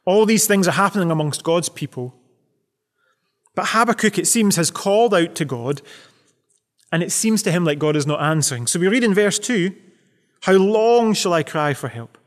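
A man's voice: high-pitched, lively intonation, moderate pace, in a large hall. A man preaching a sermon as pastor, earnest and full of rhetorical questions.

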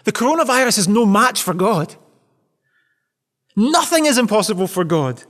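A man's voice: sits high, big pitch swings, normal speed, fairly bright tone, long reverb tail. A man preaching a sermon as pastor, earnest and full of rhetorical questions.

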